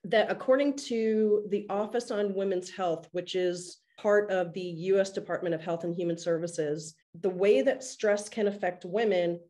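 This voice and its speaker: A woman's voice: mid-range voice, moderate pace, few pauses, mellow. A woman co-hosting a podcast, talking earnestly and at length in a casual discussion, now and then laughing at herself. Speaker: podcast co-host.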